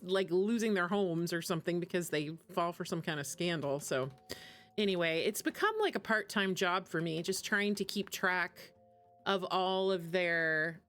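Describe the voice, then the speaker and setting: A woman chatting casually while she plays a game on stream, rambling from one aside to the next and breaking into laughter often. Her pitch is mid-range, and faint game music plays under her voice. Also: a bit bright. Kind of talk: casual chat while gaming.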